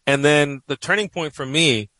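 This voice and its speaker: A man's voice: on the high side, moderate pace, sharp tone, no room sound, poor audio. A middle-aged man with a New York accent, telling a personal story as an interview guest in a reflective way, with many "you know" fillers. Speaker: interview guest, professor and writer.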